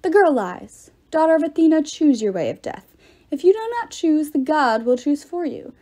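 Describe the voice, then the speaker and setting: A woman's voice: sits high, big pitch swings, normal speed, dark tone, exaggerated voice. A woman reading the part of a blustering old male ghost priest in commanding, indignant outbursts. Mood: angry.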